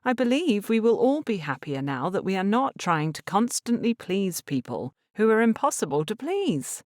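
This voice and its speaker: A woman voicing an earnest, gentle young lady in a Regency audiobook, speaking in a pleading way. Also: medium pitch, very animated, moderate pace, no room sound, studio quality, voice pushed up, close to an everyday voice. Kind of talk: audiobook character reading.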